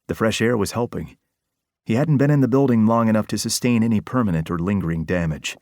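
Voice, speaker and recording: A man narrating a crime novel audiobook in a steady, even reading. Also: lowish voice, quick pace, no echo, clean studio sound.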